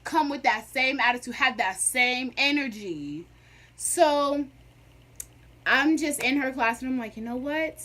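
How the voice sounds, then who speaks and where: A young woman vlogger telling a storytime in a sassy, animated, dramatic way. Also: high voice, a little slow. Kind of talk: casual storytime.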